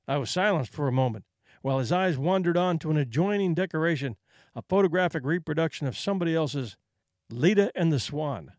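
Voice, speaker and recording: A man narrating a short story with a measured, expressive delivery in a dry recording. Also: a little high, dry recording.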